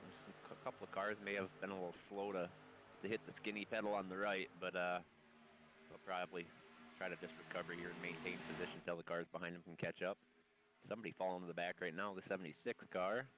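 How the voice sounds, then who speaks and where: A man's voice: low voice, little pitch movement, fast talker, fairly bright tone, a little hiss or hum. A man calling a sim race live, sounding under the weather and muffled, stumbling over hard names. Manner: reads a long lineup, stumbling on names. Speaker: race commentator. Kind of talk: live sim racing commentary.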